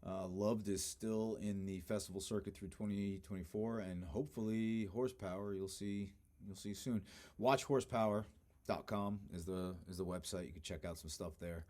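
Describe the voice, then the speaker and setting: A man, a guest actor and producer, talking casually in an interview, relaxed, with easy laughs and hesitant fillers. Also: fairly low pitch, normal speed.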